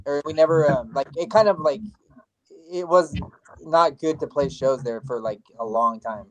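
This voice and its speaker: A man from Los Angeles, a band member being interviewed, chatting casually and adding quick asides. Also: fairly high pitch, rough recording.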